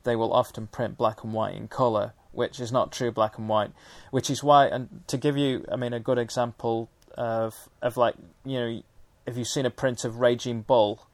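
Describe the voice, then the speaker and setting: A man talks through film history in a gravelly, flat voice, measured and full of detail, often restarting a phrase. The sound is dry and close, with no room around it. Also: mid-range voice, dry recording. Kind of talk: conversational discussion.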